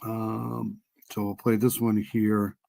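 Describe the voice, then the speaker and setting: A man's voice: lowish voice, completely flat delivery, slow pace, vocal fry, mellow. A man with a New England accent hosting a casual true crime livestream, rambling with many ums and restarts. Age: older.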